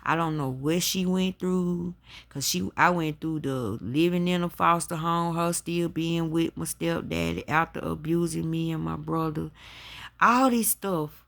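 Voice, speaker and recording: A woman's voice: low voice, steady tone, a little slow, gravelly, fairly bright tone. A woman telling a personal story to her listeners and turning it into an emphatic spiritual lesson. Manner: emphatic, addresses listeners as y'all. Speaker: spiritual talk host. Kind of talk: personal testimony with preaching.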